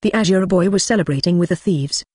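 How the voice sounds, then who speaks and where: A synthetic-sounding narrator reading a translated novel in an even, uninflected way. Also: medium pitch, fast talker, husky, dry recording, studio quality. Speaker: audiobook narrator. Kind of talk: scripted narration.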